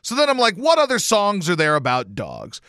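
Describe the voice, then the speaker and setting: A male radio host telling a casual story with lots of swearing and sudden loud exclamations. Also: high-pitched, moderate pace, dry recording, studio quality. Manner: animated, profane, bursts into loud exclamations. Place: radio station studio.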